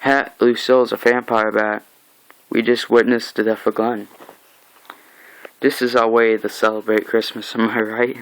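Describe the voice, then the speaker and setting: Gravelly man doing a casual comic recap. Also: on the low side, measured pace, pauses often, poor audio. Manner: animated, acts out lines with mock shouts. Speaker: comic book reviewer. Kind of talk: casual comic recap, reading dialogue aloud.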